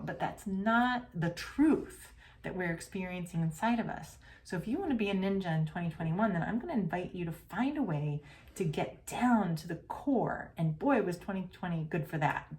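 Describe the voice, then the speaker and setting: A woman hosting a podcast, talking earnestly and casually about feelings, sometimes dropping into a soft whisper. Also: fairly low pitch. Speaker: podcast host and coach. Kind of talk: reflective podcast monologue. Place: home.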